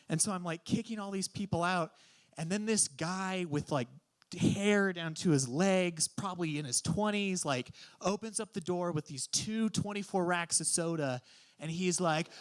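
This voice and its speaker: A teenage man telling a story at an open mic, lively and acting out the voices in his quotes. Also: high voice, moderate pace. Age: teens. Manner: animated, acts out voices in quotes. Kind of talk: live storytelling.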